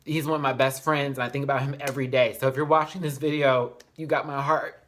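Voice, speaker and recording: A man's voice: mid-range voice, steady tone, fast, hardly any pauses, a bit bright. Brief: male vlog host, sassy and emphatic, heartfelt, chatty, addresses viewers as y'all. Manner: heartfelt, speaks openly about feelings. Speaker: reality TV reviewer. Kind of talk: casual vlog commentary.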